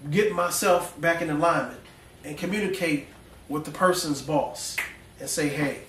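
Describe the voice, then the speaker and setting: A man preaching in a church, his voice a bit high for a man and rising as he gets animated. He talks in a folksy way with slang, and the sound is echoey and picked up from some distance, with a faint hum of the room behind him. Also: normal speed. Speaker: pastor. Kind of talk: sermon. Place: church sanctuary.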